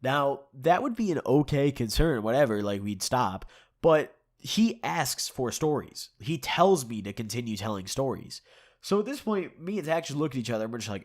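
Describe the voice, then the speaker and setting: A man's voice: medium pitch, very animated, normal speed. A young man with a stuffed-up nose and sore throat, telling a rambling, profane story to his channel and chuckling often. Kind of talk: casual storytime.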